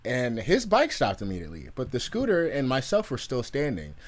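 A man's voice: mid-range voice, huge pitch swings, a little fast. A man telling a story in a casual podcast chat, laid-back, laughing often, with frequent fillers.

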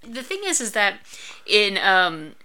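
A woman's voice: medium pitch, sing-song, slow pace, pushed and bright, slight background noise. A woman co-hosting a podcast, recapping an episode's plot in casual chat. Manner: recaps plots in detail. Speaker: podcast co-host.

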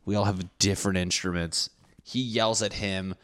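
A man's voice: deep voice, fairly even intonation, normal speed. A young man from Connecticut with a Connecticut accent, telling a rambling, profane, self-correcting comic story from his school days. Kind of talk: casual comedic storytelling.

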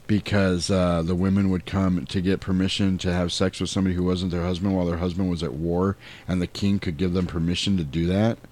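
A man's voice: low voice, brisk, few pauses. A man co-hosting a podcast, casually recapping a film scene by scene and acting out the lines with some swearing. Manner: animated retelling, acting out quotes, swearing. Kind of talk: casual chat.

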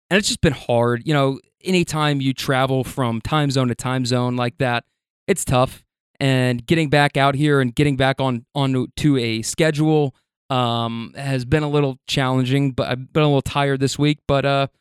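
Chatty, smooth-voiced man telling a story. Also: mid-range voice, dry recording, clean studio sound. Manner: rambling, with many restarts and chuckles. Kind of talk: casual anecdotal storytelling.

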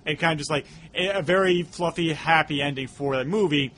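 A man on a podcast talks through a film in a casual, meandering way, full of "uh" and "like." His voice sits a little high and sounds bright and forward. A faint hiss runs underneath. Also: fairly quick. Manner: rambling, filler-heavy, loose retelling. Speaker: podcast co-host. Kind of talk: casual movie discussion.

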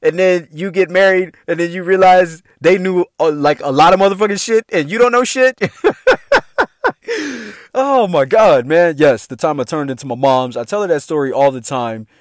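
A man's voice: on the high side, a little fast, few pauses, no echo, studio quality. A man telling a funny personal story in a casual, slangy, heavily profane way, laughing often. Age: adult parent. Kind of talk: casual comedic storytelling monologue.

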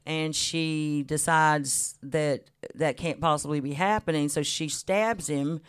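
A woman in her fifties, a guest musician on a radio show, telling lively stories with frequent laughs and little voice impressions. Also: low voice, slow, clean tone. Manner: warm laughing anecdotes, mimics voices. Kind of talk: chatty storytelling interview. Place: radio studio.

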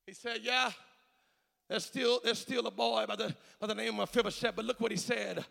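A man preaching a sermon, shifting between a low, intimate delivery and shouted, sing-song whooping, with "uh" filling his pauses. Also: steady tone, gravelly, long reverb tail. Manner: fills pauses with "uh". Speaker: pastor.

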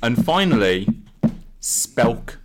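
A playful man hosting a podcast, his pitch swooping wildly between low murmurs and high bursts of laughter. He quizzes his co-host on dialect words and acts each one out in a phrase. A faint hiss runs under the voice. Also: sing-song, extremely slow.

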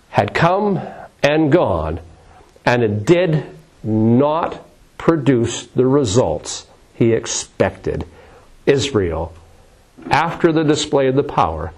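A man's voice: fairly high pitch, a little mellow, rough recording. Dramatic male preacher. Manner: dramatic, repetitive preaching with rising and falling emphasis. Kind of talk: sermon.

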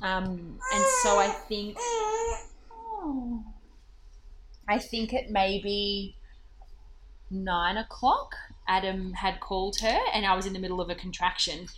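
A woman tells a personal story in a casual, chatty way, with lots of fillers. Her pitch sits in the middle of the range, and a faint hiss runs under the recording. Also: a little slow. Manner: chatty, animated storytelling with laughs.

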